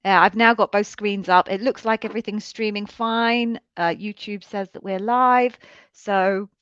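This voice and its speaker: A chatty woman hosting a live online session, her voice sitting at an ordinary middle pitch. She talks in a loose, self-deprecating way and laughs easily. The sound is dry and a little dull, like lo-fi stream audio. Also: steady tone, unhurried, a bit bright, clean tone, dry recording. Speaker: co-host of live interview coaching stream. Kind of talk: casual live-stream chat.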